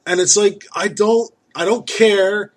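Husky man ranting about neighbors. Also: sits high, fairly even intonation, a little slow. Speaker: store worker. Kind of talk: casual chat.

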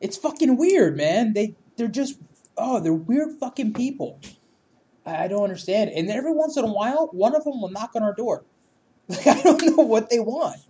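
A man in casual chat, grumbling and swearing about his neighbors, with sudden loud outbursts. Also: extremely high pitch, expressive, moderate pace.

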